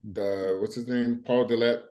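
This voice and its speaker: Male co-host, mid-pitched voice, candid and excitable, casual chat. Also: measured pace. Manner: candid, excitable, laughs easily. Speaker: podcast co-host, former bodybuilder.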